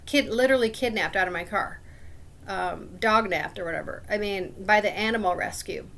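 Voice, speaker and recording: Gravelly woman telling a rambling grievance. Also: mid-range voice, normal speed, a bit bright. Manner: rambling, clears her throat often; aggrieved, suspicious storytelling. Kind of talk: casual personal story.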